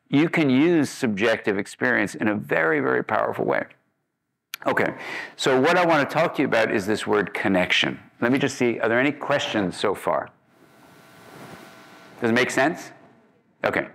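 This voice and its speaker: A male guest lecturer tells personal stories in a relaxed, conversational way and acts out remembered dialogue. His voice sits low with a gravelly edge. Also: rough recording.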